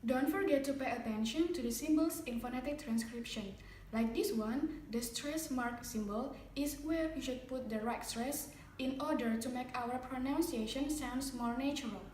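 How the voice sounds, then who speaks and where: High-voiced woman explaining word stress. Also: normal speed, a little hiss or hum. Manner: reads examples in a steady, explaining tone. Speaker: student presenter. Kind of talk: scripted phonetics lesson. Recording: roomy, distant from the mic.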